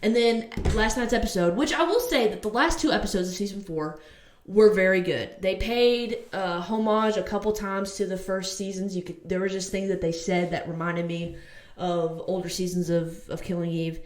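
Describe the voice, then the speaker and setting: A woman's voice: medium pitch, normal speed, reverberant. A woman vlogger giving a casual TV review, ranting heatedly and swearing.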